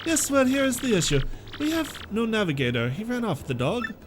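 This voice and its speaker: A man's voice: high voice, wildly swooping pitch, brisk, background noise. A man voicing a pompous, flamboyant merchant sailor in a vague, made-up foreign accent, reading game dialogue over music. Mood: boastful. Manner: grandiose, theatrical, vague foreign-sounding accent.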